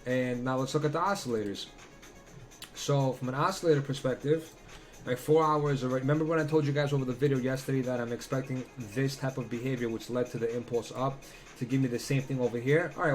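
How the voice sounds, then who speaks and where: A man doing casual crypto chart analysis, blunt and profane, who slips into heated rants. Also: mid-range voice. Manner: blunt, swearing, ranting.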